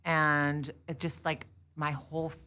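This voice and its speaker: A woman's voice: low voice, little pitch movement, a little slow, pushed and bright, a little hiss or hum. A woman in her thirties from Iran, a podcast guest telling her story candidly, acting out quotes as she goes. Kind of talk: casual interview chat.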